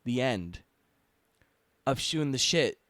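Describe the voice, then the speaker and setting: Young man, podcast co-host, casual chat, animated voice, dry room. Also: mid-range voice, dry recording. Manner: lively, halting with restarts.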